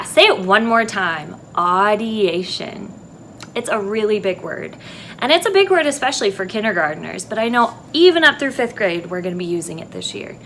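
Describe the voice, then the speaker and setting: Woman teacher talking slowly to young kids. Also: mid-range voice, fairly bright tone, slight background noise. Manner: slow, clear teacher talk to young kids. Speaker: elementary music teacher. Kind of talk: video lesson for children. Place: empty classroom.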